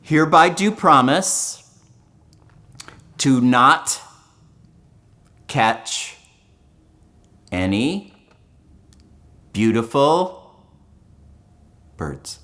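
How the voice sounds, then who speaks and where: A man's voice: mid-range voice, very animated, extremely slow, pauses often, bright, forceful tone. A man running an interactive children's show at a library, playful and full of call-and-response. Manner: playful, call-and-response, big swoops up for effect. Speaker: children's entertainer. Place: public library event.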